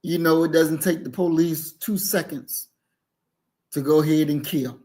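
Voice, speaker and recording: A man hosts a livestream and comments on a clip at a very slow, deliberate pace. His delivery is emphatic and preachy, and he stops now and then to speak to his chat. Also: fairly high pitch, fairly even intonation, dark tone. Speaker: livestream host.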